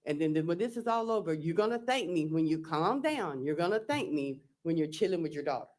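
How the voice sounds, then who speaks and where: A woman testifying as a defendant in court. She reads text messages aloud in a slow, halting, plain-spoken way, recounting each exchange with "I said" and "he said.". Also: deep voice, expressive, a little mellow.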